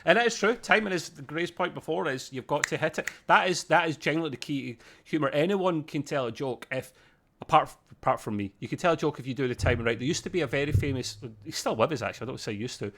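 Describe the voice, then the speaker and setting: A man's voice: a little high, fast talker, a bit bright. A man co-hosting a TV review, chatty and self-deprecating with jokes. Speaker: co-host reviewing a TV episode. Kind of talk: casual chat.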